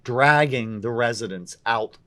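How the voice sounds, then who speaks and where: A man, a comedian, telling stories in a casual podcast chat, animated and tripping over his words. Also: medium pitch, measured pace.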